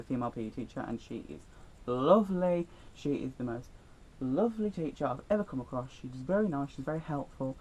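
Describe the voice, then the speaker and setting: A man's voice: medium pitch, a little mellow, poor audio. A teenage boy telling school stories in a chatty, rambling, self-deprecating vlog. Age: teens. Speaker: vlogger. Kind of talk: storytime vlog.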